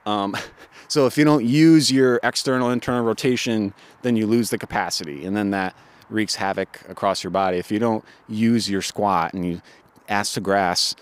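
Low-voiced thoughtful male co-host. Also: fairly even intonation, moderate pace, clear, resonant tone. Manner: thoughtful, explanatory, with many fillers. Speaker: podcast co-host. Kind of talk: casual chat, explaining fitness ideas.

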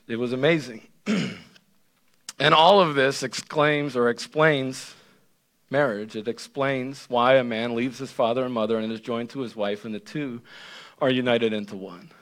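A male pastor giving an animated, conversational sermon that keeps checking in with the listeners. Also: mid-range voice. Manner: animated, conversational preaching with frequent "right?".

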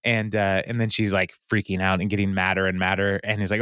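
A man's voice: fairly low pitch, little pitch movement, a bit bright, dry recording, clean studio sound. A man co-hosting a casual podcast, recapping a TV episode and acting out the characters' lines. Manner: retells scenes with quick quoted voices and laughs. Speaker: podcast co-host.

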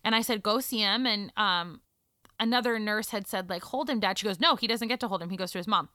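Woman, 30s, chatty storyteller, bright crisp voice, animated with quiet hushed moments. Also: medium pitch, fairly quick, no room sound, studio quality. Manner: animated, drops to a hush for emotional moments. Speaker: guest telling her birth story. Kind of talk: casual storytelling chat.

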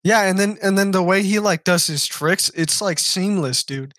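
A man's voice: sits high, moderate pace, a bit bright, no echo, studio quality. A young man co-hosting a podcast, chatting casually in a rambling, enthusiastic way. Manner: rambling, enthusiastic, lots of fillers. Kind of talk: casual chat.

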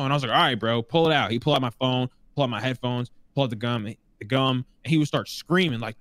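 A man casually telling a story, animated and jumping into different voices for the people in it. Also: medium pitch, quick pace, hardly any pauses. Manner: animated, acts out voices in quotes.

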